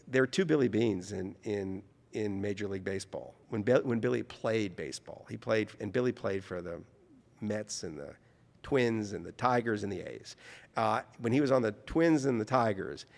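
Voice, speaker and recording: A man from New Orleans, an author telling an anecdote in conversation, lively and acting out the people he quotes. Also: lowish voice, creaky, big-room sound. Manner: animated, mimics voices in his anecdotes. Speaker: author guest. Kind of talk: conversational storytelling.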